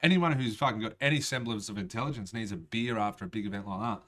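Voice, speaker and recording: A man's voice: fairly low pitch, fast, a bit bright. A man, a rapper telling a rambling, profane story in casual storytelling style. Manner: profane, rambling, streetwise slang.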